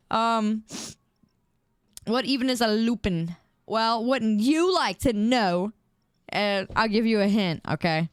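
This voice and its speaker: A woman's voice: on the high side, lively intonation, slow pace, pauses often, no room sound, studio quality. A young woman streamer in casual chat, reading viewer messages aloud and giggling often.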